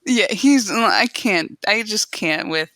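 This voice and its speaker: A woman co-hosting a podcast, recapping a TV episode in casual chat with animated retelling and frequent laughter. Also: medium pitch, slow, no echo. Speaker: podcast co-host.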